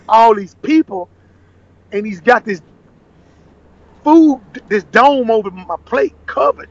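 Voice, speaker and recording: A man's voice: high voice, lively intonation, unhurried, pauses often, muffled recording. A man from Nashville, a podcast guest telling his story animatedly in casual conversation, acting out the dialogue he quotes. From Nashville, USA. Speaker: podcast guest, former cooking show contestant.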